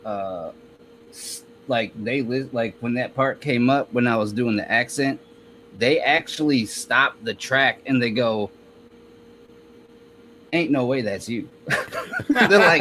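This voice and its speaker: A man's voice: medium pitch, expressive, a little slow, bright, forceful tone, slight background noise, rough recording. A male guest in a casual interview who tells easygoing stories and often laughs. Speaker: guest, rapper.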